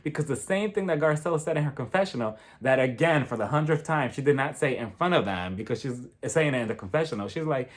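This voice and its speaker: Animated man doing a gossipy TV recap. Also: mid-range voice, fast talker, hardly any pauses. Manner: animated, dramatic, laughs often. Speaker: reality TV reviewer.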